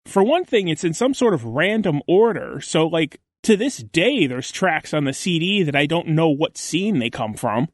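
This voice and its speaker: A man's voice: a little high, very animated, moderate pace, hardly any pauses, no room sound. Enthusiastic man co-hosting a podcast. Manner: enthusiastic, chatty. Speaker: podcast co-host. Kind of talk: casual chat.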